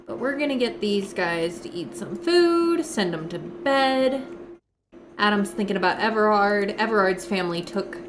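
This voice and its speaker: A woman's voice: mid-range voice, lively intonation, moderate pace, background noise. A young woman live-streaming a game from home, chatting to viewers as she walks them through each step. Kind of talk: live gameplay commentary.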